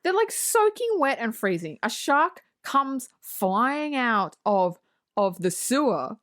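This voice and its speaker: A woman's voice: a little high, expressive, slow, a bit bright. A woman co-hosting a podcast, recapping a movie plot in casual chat with sarcastic, swear-filled asides. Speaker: podcast co-host.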